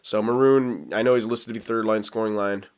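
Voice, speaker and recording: A man's voice: lowish voice, fairly even intonation, smooth. Man, gaming commentary, rambling, chatty, laughs often, talks to viewers. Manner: rambling, self-aware, quick to laugh; talks to viewers while managing a hockey franchise. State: hiccups. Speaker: gaming YouTuber. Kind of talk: casual gameplay commentary.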